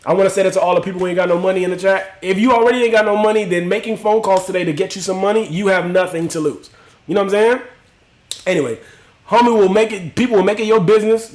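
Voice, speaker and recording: A man's voice: high-pitched, roomy sound. A young man hosting a livestream, telling a story in casual, profane street slang and talking straight to his chat. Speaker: livestream host.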